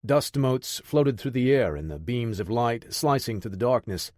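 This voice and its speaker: An audiobook narrator with a medium-pitched voice reads a scripted military action story in a steady, measured storytelling style. The recording is dry and of studio quality.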